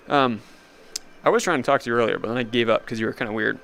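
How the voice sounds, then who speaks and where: A man's voice: medium pitch, quick pace, vocal fry, a bit bright. A young man streaming a VR game live, commenting sarcastically and laughing often. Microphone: VR headset mic.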